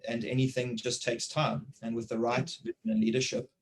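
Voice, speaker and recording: South african guy in his 40s on a video call, mid-pitched, lively anecdotes, keeps repeating himself. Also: a little fast, low-quality recording. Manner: animated storytelling, repeats words. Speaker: interviewer. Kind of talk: conversational interview.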